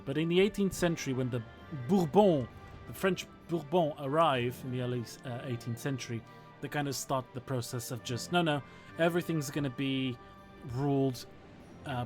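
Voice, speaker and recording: Portuguese-born man in his thirties, British-sounding accent, mid-pitched, articulate streamer, game music playing behind. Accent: British-sounding English. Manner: articulate, measured, chatty with viewers. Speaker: historian streaming a strategy game. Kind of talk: casual livestream chat and game commentary.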